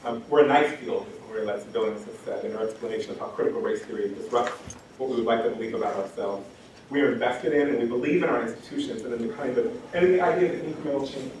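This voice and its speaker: A man's voice: medium pitch, fast talker, darkish tone. Male academic speaker, earnest and repetitive at a lectern, heavy hall reverb. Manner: impassioned, repeats phrases for emphasis, many ums. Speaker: education scholar giving a talk. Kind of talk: lecture talk. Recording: very echoey hall, distant mic, faint noise.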